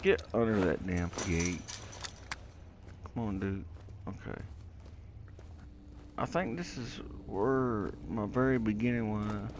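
Slow and animated with a low-leaning voice and long pauses, this let's play creator rambles to himself over his game. He's easily confused, and the background is noisy.

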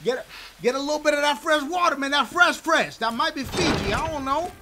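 A man giving excitable, profane let's-play commentary, talking back to game characters and yelping when scared. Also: very high voice, fairly quick, background noise. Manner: panicky yelps and shouts when scared. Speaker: gaming video host. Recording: loud game audio and clicks behind voice.

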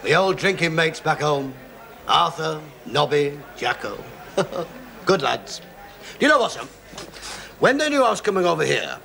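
A man's voice: high-pitched, gravelly, heavily acted. A brash boozy Englishman. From England. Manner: loud, boastful, joking. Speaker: English newcomer in a pub. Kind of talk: 1970s sitcom acting. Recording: noisy old TV soundtrack.

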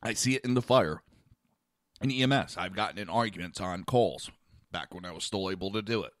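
Low-pitched and brisk, the man hosting this talk show tells a blunt tale in a casual monologue, animatedly voicing the other characters. The audio is studio quality with no room sound.

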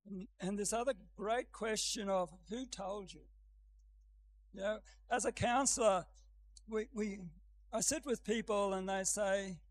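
Older man, preacher, sermon, high voice, gravelly edge, gentle delivery. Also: steady tone, unhurried, poor audio. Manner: gentle, building to emphatic reading. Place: church.

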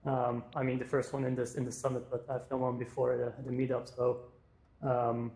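A man's voice: mid-range voice, completely flat delivery, normal speed, a crowd in the background. A man giving a conference talk as a startup co-founder, hesitant, with many fillers and restarts. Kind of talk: conference talk in a virtual space. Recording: roomy echo.

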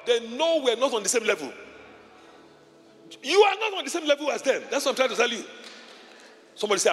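A man's voice: extremely high pitch, lively intonation, fast, long pauses, sharp tone, shouting. A male pastor preaching a sermon in a large church auditorium, with impassioned delivery and short repeated phrases. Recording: long hall reverb with faint music.

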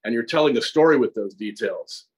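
A man's voice: medium pitch, expressive, fairly quick, slightly rough, poor audio. Middle-aged American actor explaining his craft. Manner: explains at length, with frequent restarts and repeated words. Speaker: actor and acting teacher, guest. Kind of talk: conversational interview. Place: acting studio.

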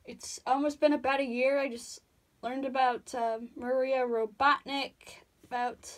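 A young woman chats away while she draws, her voice high and cartoony from tiredness. She rambles, trips over her words and pokes fun at herself. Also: flat delivery, unhurried. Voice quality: cartoony put-on voice. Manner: rambling, self-deprecating, stammering restarts. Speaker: drawing tutorial vlogger. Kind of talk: casual drawing commentary.

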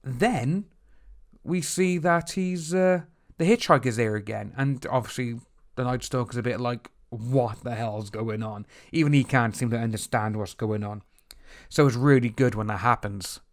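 A man casually recapping and reviewing a TV episode, slipping into quick acted-out reactions of the characters. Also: mid-range voice. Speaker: TV series reviewer.

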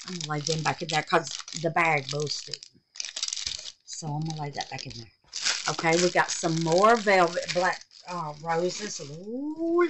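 A woman's voice: fairly low pitch, noisy background. A woman hosting a crafting vlog in her home art room, chatting with viewers and calling them baby and darling. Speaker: resin art channel host. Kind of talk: casual crafting vlog chat.

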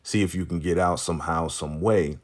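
Deep-voiced man recapping a TV episode. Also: moderate pace. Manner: animated, acts out characters' lines while retelling, laughs often. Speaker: recap host.

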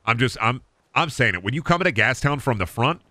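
A man's voice: medium pitch, expressive, brisk, pushed and bright, no echo. A man in his thirties streaming a game, rambling and joking with lots of swearing. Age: 30s. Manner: rambling, profane, jokey. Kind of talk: casual gaming commentary.

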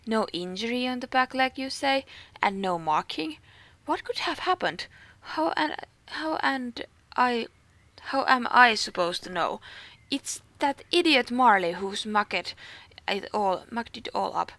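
A woman's voice: on the high side, animated, measured pace, a bit bright, dry recording. A woman with a Finnish accent reading aloud as a hot-tempered female stable keeper in a game, stumbling and restarting words. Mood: angry.

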